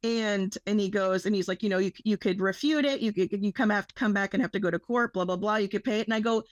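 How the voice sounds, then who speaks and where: A woman's voice: mid-range voice, fast talker, no echo, lo-fi sound. A young woman co-hosting a podcast, telling a rambling story full of swearing and quoted dialogue. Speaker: podcast co-host. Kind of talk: casual storytelling.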